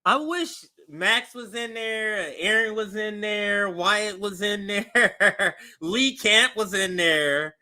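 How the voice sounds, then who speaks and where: Bright high-voiced man mocking a clip. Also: takes it slowly, hardly any pauses. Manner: animated, incredulous, mocking. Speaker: commentary host. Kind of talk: reaction commentary on a news clip.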